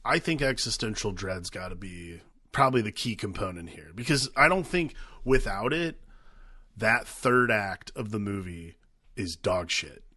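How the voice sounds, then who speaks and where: A man's voice: on the low side, animated, a little slow, sharp tone, husky, no echo, studio quality. A man in his thirties co-hosting a podcast, talking casually, agreeably, and swearing freely. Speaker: podcast co-host.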